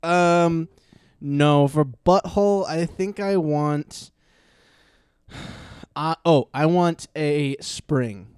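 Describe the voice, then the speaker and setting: A man's voice: fairly high pitch, extremely slow, long pauses, darkish tone, clean tone, dry recording, studio quality. A man co-hosting a podcast in casual chat, teasing his partner and thinking aloud with hesitations. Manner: teasing, hesitant when composing. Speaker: podcast co-host.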